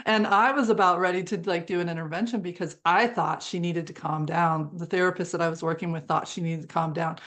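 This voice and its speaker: A woman's voice: lowish voice, fairly even intonation, fairly quick, hardly any pauses. A woman being interviewed as a guest, telling a heartfelt story from her work in horse-assisted therapy in an earnest, emotive way. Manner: earnest and emotive, with brief laughs.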